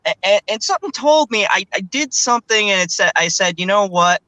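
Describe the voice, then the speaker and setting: A man co-hosting a stream, ranting in an animated way with frequent stammers. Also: sits high, brisk, no echo, poor audio. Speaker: regular co-host. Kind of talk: casual ranting chat.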